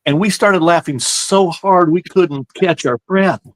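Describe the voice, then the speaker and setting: A high-sitting male voice, a little slow and free of echo, belongs to a show guest recounting a drawn-out prank. The chat is casual and rambling, and he animatedly ties beats together with "so anyway."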